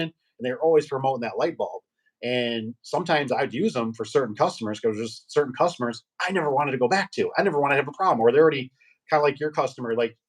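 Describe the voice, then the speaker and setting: A middle-aged man, a garage door business owner, chatting casually and telling rambling, animated stories with acted-out quotes. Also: mid-range voice, fast. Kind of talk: casual storytelling chat.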